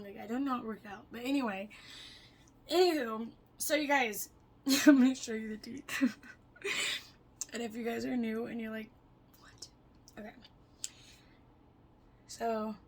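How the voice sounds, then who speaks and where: A young woman chatting casually to her camera, rambling and swearing, her voice swinging between loud and soft as she jumps between topics. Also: fairly high pitch, a little hiss or hum, low-quality recording. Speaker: vlogger.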